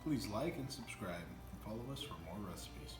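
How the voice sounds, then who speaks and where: A man's voice: fairly low pitch, lively intonation, normal speed, music in the background. A man co-hosting a casual cooking show, agreeable and upbeat, in an echoey room with faint background noise. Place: workshop.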